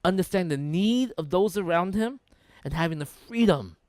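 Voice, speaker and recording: A man's voice: sits high, animated, moderate pace, a little mellow, no echo. A man preaching a sermon as pastor, talking conversationally, often checking in with "right?" and "okay?" and repeating words for emphasis.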